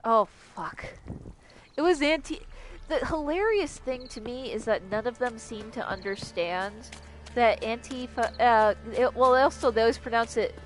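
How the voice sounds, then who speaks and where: A woman's voice: on the high side, normal speed, soft background music. A young adult woman streaming a game, ranting casually with lots of swearing and sarcasm. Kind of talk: casual livestream commentary.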